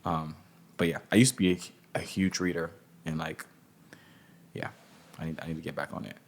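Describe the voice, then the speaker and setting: A man's voice: extremely low pitch, fairly even intonation, fairly quick, creaky. A man talking casually as an interview guest, loose and profane, with lots of "like" and "you know.". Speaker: music industry guest.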